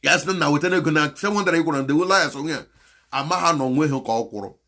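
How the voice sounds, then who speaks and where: A man with a Nigerian Igbo accent preaches straight to camera in a slightly raised voice, hopping between Igbo and English. He swings from loud, impassioned exhortation to low, pleading appeals, moralizing throughout. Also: fast. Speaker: channel host.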